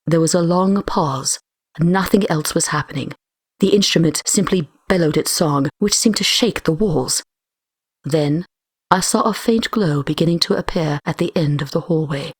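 A woman narrating a first-person fan story in a steady storytelling manner. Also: low-pitched, normal speed, breathy edge, no room sound, studio quality. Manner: steady storytelling, raising her voice for shouted lines. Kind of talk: first-person fiction reading.

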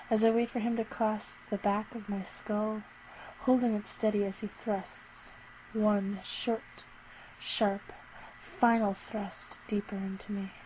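Woman narrator for an intimate erotic story: warm, low-key delivery that stays flat and unhurried. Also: a little hiss or hum, rough recording.

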